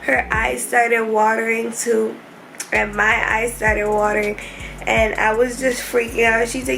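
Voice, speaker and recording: A young woman telling her hospital story to camera in a casual vlog, emotional and rushed, with many fillers. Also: fairly high pitch, little pitch movement, creaky, a bit bright, soft background music, low-quality recording. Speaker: vlogger. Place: hospital room.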